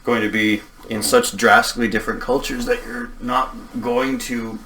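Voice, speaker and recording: A man's voice: medium pitch, sing-song, moderate pace, vocal fry, bright, forceful tone, recorded from a distance. A man co-hosting a podcast who chats casually, tells laid-back stories, swears freely and laughs often. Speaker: podcast co-host. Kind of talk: casual chat.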